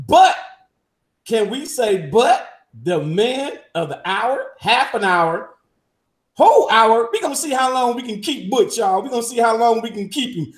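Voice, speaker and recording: A man's voice: very high-pitched, expressive, measured pace, echoey room. A man hosting a live stream interview, hyping his guest and asking viewers to like and post questions. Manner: hypes the guest, asks viewers to engage. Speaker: host.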